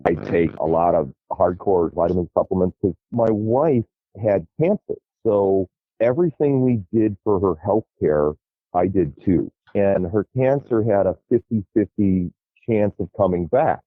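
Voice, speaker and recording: A middle-aged man telling wild stories as a podcast guest, animated and profane, laughing as he goes. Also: low-pitched, moderate pace, no room sound. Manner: lively, profane, laughs through his stories. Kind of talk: animated storytelling. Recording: tinny phone-like line.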